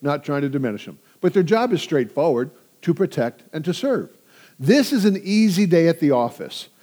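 A man's voice: a little high, sing-song, normal speed, warm tone. A man in his sixties preaching a sermon, telling stories energetically and engaging his audience. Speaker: pastor.

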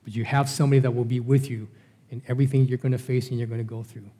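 A man's voice: mid-range voice, level tone, racing, warm tone. A middle-aged man preaching a Bible study sermon in a conversational way, asking rhetorical questions. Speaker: pastor.

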